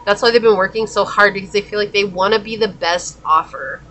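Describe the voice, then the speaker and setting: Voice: medium pitch, brisk, pushed and bright, slight background noise, rough recording. A tarot reader giving a pick-a-card reading in a chatty, exclamatory way, calling out to spirit guides aloud.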